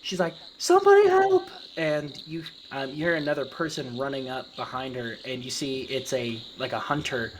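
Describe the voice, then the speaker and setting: Rambling tabletop game master. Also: male voice, medium pitch, flat delivery, moderate pace, hardly any pauses, background noise. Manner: rambling, filler-heavy narration.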